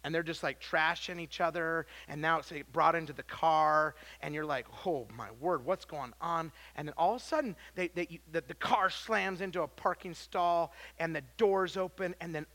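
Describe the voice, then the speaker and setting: A man preaching a sermon, swinging from loud emphasis to quiet, low lines and often restarting his words. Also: steady tone, moderate pace, hardly any pauses. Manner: self-interrupting with repeated words. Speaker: pastor.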